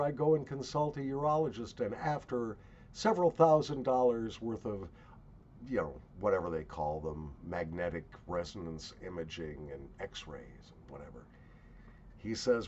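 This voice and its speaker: A man's voice: medium pitch, lively intonation, unhurried, darkish tone. A man telling travel stories in a blunt, profane ranting monologue while walking outdoors. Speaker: travel vlogger. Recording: muffled with faint ambient noise.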